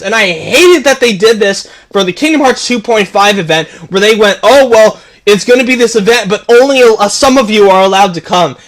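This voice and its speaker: A man's voice: extremely high pitch, a bit bright. A man delivering a heated, profane rant to camera as a gaming video creator, repeating himself and stumbling over restarts. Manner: heated, repetitive, profane ranting with stammered restarts.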